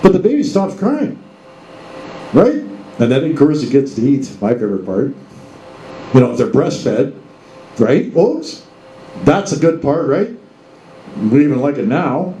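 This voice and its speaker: A man's voice: medium pitch, big pitch swings, a little slow, long pauses, mellow, reverberant, a little hiss or hum, poor audio. A man hosting a casual monologue, firing rhetorical questions at the listeners and addressing them as folks. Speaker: show host.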